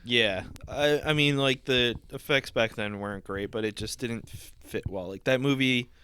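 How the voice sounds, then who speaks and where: A young man co-hosting a casual podcast, measured and adding caveats to his co-host's points. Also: mid-range voice, bright, forceful tone, smooth. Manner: measured, adds caveats and counterpoints. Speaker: podcast co-host.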